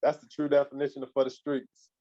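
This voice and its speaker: A woman's voice: extremely low pitch, level tone, fast, warm tone, highs cut off. A woman co-hosting a casual book-club podcast, asking questions and throwing in slangy reactions. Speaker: podcast co-host.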